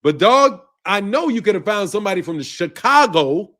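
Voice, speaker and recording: Male commentator, profane off-the-cuff rant, high voice, swings all over in pitch. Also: very animated, normal speed. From United States. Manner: loud, profane, laughs between lines, fired up. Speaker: boxing channel commentator.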